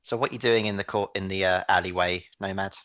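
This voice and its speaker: A man's voice: deep voice, fairly even intonation, fast, a bit bright, no room sound. A man narrating a tabletop game as game master, laid-back and descriptive.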